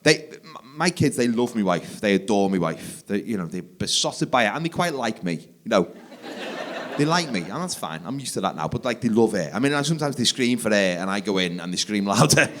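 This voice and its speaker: A man, doing live stand-up comedy on a theatre stage and leaping into loud shouted voices for his kids. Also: fairly low pitch, very animated, a little fast, slight background noise. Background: audience laughter.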